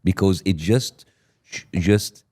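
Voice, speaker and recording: A middle-aged man whose first language is Arabic, a guest arguing deliberately and indignantly, stacking up grievances. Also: low-pitched, mellow. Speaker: guest on a podcast clip. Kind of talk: pointed interview argument.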